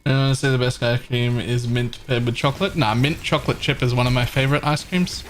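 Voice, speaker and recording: A man's voice: medium pitch, steady tone, fast talker, a little hiss or hum. A man streaming a game live, giving casual, rambling commentary and thinking aloud as he plays.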